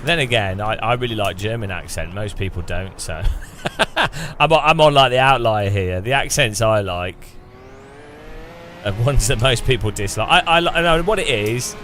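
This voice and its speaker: A man's voice: fairly low pitch, expressive, normal speed, bright, forceful tone, a little hiss or hum. Rambling English man chatting over gameplay. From England. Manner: rambling, chatty, often restarts mid-sentence. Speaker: gaming streamer. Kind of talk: casual chat over racing gameplay.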